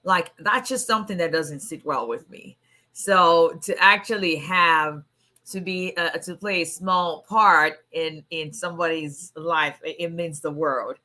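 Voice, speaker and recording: Woman lawyer host, voice worn hoarse, lower pitch but bright and forceful, chatty and welcoming. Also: measured pace. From immigrant to the US. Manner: chatty, greets viewers by name. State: hoarse, voice nearly gone. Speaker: immigration attorney. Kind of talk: casual livestream chat.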